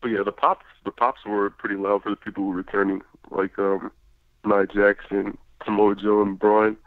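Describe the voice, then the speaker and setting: A man calls in to a show and talks in an offhand, unimpressed tone. His voice is on the low side and comes through a tinny, dry phone line. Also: level tone, moderate pace, no room sound. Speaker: caller. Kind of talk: casual call-in chat.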